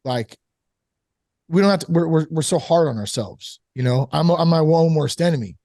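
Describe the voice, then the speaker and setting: A man casually telling a candid personal story about fatherhood and recovery, animated, full of "like" and "you know". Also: fairly high pitch, normal speed, no echo, studio quality. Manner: candid, animated, acts out quoted voices; frequent fillers like "like" and "you know". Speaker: sober father on a recovery podcast.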